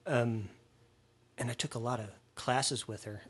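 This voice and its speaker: A man casually telling an animated anecdote from his student days, with a slightly husky voice. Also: mid-range voice, unhurried. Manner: animated storyteller, acts out quoted lines. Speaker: former student telling a story.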